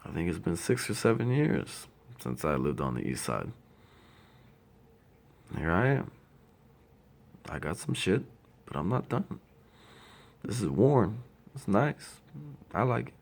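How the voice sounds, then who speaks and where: A man's voice: low voice, very animated, measured pace, vocal fry, pauses often. A man in his thirties from Ohio, grieving his younger brother in a blunt, profane, heartfelt monologue. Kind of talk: personal tribute monologue.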